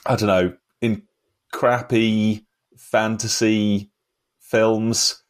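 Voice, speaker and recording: Brief: low-voiced male co-host, wry rambling film reviewer. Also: little pitch movement, drawn-out words. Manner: wry, rambling, laughs often. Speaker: podcast co-host. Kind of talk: casual film review chat.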